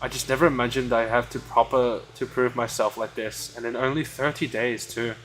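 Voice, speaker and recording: A man's voice: medium pitch, little pitch movement, a little fast, soft background music, rough recording. Man streamer, reads game text aloud, casual asides, some stumbles. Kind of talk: reading game dialogue aloud.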